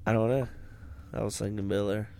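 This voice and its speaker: A man's voice: lowish voice, little pitch movement, fairly quick, gravelly, dark tone, a little hiss or hum. A man co-hosting a podcast, chatting casually about movies, giggly and profane, drifting into tangents. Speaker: podcast co-host.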